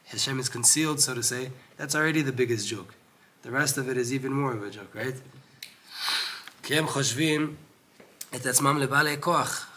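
Giving a Torah lesson, a man moves quickly through Hebrew readings and explains them in English with many restarts. He turns loud and high-pitched when excited, and lower when in lecture mode.

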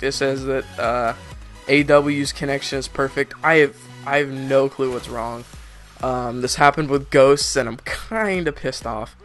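A man's voice: medium pitch, fairly bright tone. A young man giving casual, rambling gameplay commentary, getting frustrated and laughing at lag.

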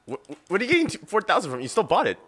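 A young man playing a farming game with a friend, excitable, laughing often and swearing. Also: sits high, rapid-fire, slightly rough. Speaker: co-op gamer. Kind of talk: casual let's-play banter.

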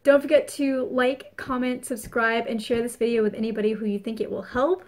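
A woman's voice: on the high side, fairly even intonation, brisk. A woman giving a casual spoken astrology forecast, chatty and earnest, repeating phrases for emphasis. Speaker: spiritual reader.

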